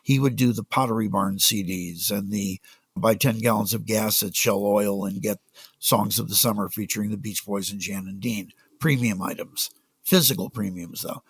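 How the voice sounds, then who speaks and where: An older man, a music business guest on a podcast, telling animated stories and acting out the people he quotes. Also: fairly low pitch, moderate pace, husky, no echo. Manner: animated anecdotes, acts out quoted voices. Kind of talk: storytelling in a casual interview.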